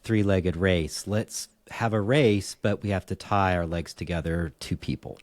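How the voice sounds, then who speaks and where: A man's voice: low voice, unhurried, no echo. A man co-hosting a podcast, chatting casually and playfully with jokes and restarts. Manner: playful, jokey, trails off and restarts. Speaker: podcast co-host. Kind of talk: casual chat.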